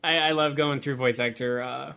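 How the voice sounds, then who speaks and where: A man's voice: medium pitch, fairly even intonation, normal speed, vocal fry, bright, forceful tone. A man hosting a casual interview, chatty and rambling, often laughing between his points. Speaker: interview host.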